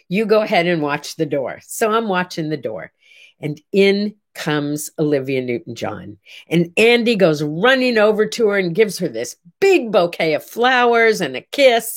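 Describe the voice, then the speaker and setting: An older woman telling an animated personal story in a chatty way, acting out the people she quotes. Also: lowish voice. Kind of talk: casual storytelling monologue.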